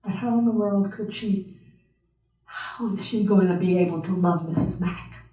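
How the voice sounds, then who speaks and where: A woman pastor telling a story in a sermon, slow and expressive, acting out the people in it. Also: mid-range voice. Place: church sanctuary. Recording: echoey church room from a distant mic.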